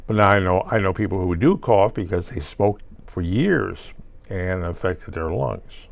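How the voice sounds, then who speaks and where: Slow gravelly older man musing aloud. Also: low-pitched, no room sound. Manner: muses aloud, asks and answers himself with wry asides. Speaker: vlogger. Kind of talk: rambling solo monologue.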